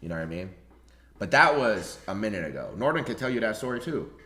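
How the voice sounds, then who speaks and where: A young adult man, a streamer, telling a story in a casual, animated way, full of slang and cursing. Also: on the low side, fast. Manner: animated, slangy, swears freely. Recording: roomy echo.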